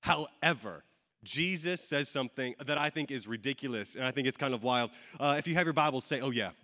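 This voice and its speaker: A man's voice: medium pitch, a little fast, sharp tone. Casual preaching man in an echoey hall. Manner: casual, conversational preaching with many fillers. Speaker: pastor. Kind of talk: sermon. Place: church hall with audience. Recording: long hall reverb.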